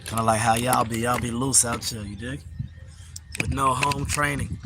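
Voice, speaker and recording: With background noise around him, a man with a mid-range, steady voice talks at normal speed. He is livestreaming outside from a tripod-mounted phone, chatting casually, bragging, and teasing the chat with playful trash-talk.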